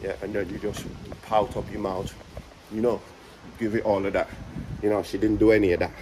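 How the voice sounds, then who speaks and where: A man with a Birmingham accent walks city streets outdoors, chatting and joking to camera for his vlog. His lowish, level voice moves fairly quickly over a noisy background, and he's out of breath, repeating his phrases.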